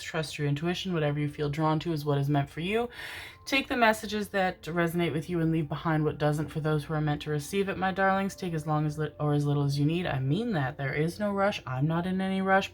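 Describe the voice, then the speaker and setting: A young adult woman who reads tarot, talking excitedly and a little out of breath, swearing casually and calling her viewers her darlings. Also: sits low. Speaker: tarot reader. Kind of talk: casual chat and tarot intro.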